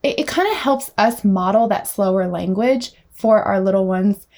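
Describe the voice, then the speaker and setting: A young woman, a speech therapist, giving an energetic teaching talk and sometimes acting out slow, animated child-directed words. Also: mid-range voice.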